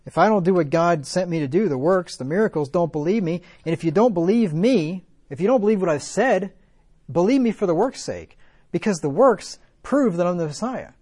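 A man's voice: high-pitched, expressive, brisk, a little mellow, husky. A man preaching a sermon, reading scripture aloud and asking rhetorical questions, building to fervent emphasis. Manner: conversational asides with rhetorical questions.

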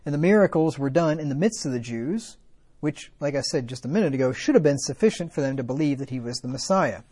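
Fast and expressive, this man preaches in a fairly high, slightly mellow voice with a breathy edge. He reads scripture, asks rhetorical questions with casual asides, and builds to fervent emphasis.

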